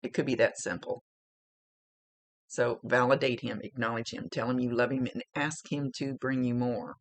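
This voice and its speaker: A woman's voice: a bass voice, steady tone, moderate pace. A middle-aged woman giving a recorded psychic reading in a chatty, emotional, blunt way, swearing freely. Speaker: psychic medium.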